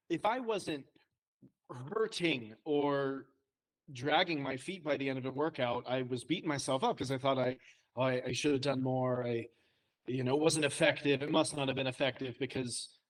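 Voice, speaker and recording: A man with a mid-range voice co-hosts a podcast. He talks in a relaxed, reflective way and mostly agrees with his guest. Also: medium pitch, normal speed, low-quality recording. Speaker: podcast co-host. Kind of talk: casual podcast chat.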